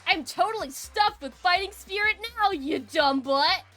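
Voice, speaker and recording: A woman's voice: very high-pitched, a little slow, soft background music, voice pushed up, heavily acted. A woman doing a fired-up defiant young man. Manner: emphatic, shouty. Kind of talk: reading game dialogue aloud.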